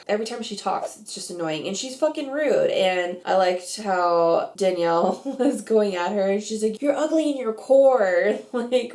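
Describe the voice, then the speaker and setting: A woman's voice: lowish voice, creaky, warm tone, roomy sound. A woman vlogging her reality TV reactions in a casual, opinionated way, with lots of "like". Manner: chatty, opinionated, heavy use of "like". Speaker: reality TV commentator.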